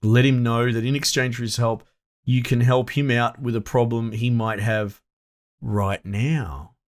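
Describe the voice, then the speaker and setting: A man commentating a game he plays, reading its choices aloud and thinking out loud, excitable and self-amused. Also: medium pitch, normal speed. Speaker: gameplay commentator.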